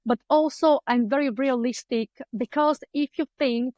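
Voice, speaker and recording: A woman's voice: high-pitched, normal speed, darkish tone, dry recording, poor audio. A woman with an Eastern European accent, a clinical psychologist chatting as a podcast guest over a video call, telling her story with lots of fillers and acted-out thoughts. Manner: chatty, acts out her own past thoughts, many fillers. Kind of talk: conversational interview storytelling. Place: home room lined with books.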